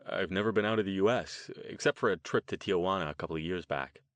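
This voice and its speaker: A man's voice: sits low, fast talker, fairly bright tone, no room sound. A man voicing a young American man who is casual, informal and a little uneasy.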